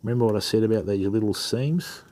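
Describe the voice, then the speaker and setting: He talks fast in a lowish, dark voice with an Australian accent. A middle-aged fishing channel host from Western Australia, he chats in a matey way with viewers during a live-stream reel maintenance demo.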